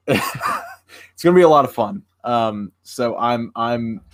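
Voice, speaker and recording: A young man talks casually to his stream audience. He rambles, trails off into fillers and restarts his sentences as he explains things. His voice sits at an ordinary middle pitch. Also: expressive, slow pace. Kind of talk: casual livestream chat.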